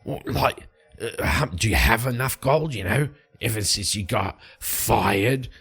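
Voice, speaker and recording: A man's voice: on the low side, unhurried, vocal fry, fairly bright tone, slightly rough, full character voice. A man voicing a pushy adventurer who teases and needles his companion. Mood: needling. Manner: teasing, needling.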